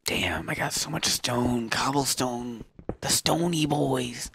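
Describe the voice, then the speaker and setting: Gravelly, goofy gamer guy. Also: mid-range voice, takes it slowly, fairly bright tone, slight background noise. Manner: rambling, swearing, goofy. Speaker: let's player. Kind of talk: casual gameplay commentary.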